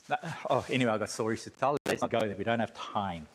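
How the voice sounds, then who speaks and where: Animated South African man in an echoey hall. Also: on the high side, moderate pace. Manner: animated, joking asides and rhetorical questions. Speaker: guest speaker. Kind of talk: church teaching talk with slides. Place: church hall.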